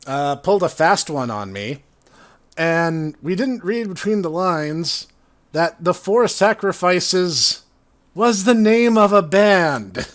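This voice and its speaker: Higher-voiced man telling game stories. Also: takes it slowly. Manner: animated, laughing while recounting game stories. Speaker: podcast co-host, former tabletop player. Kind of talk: casual storytelling chat.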